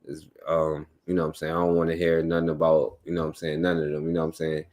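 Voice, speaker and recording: A man with a very low, deep voice hosts a loose, casual talk show. He rambles in an easy, conversational way and keeps dropping "you know what I'm saying" between his thoughts. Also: completely flat delivery, fast talker, darkish tone. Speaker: host. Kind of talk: casual podcast chat.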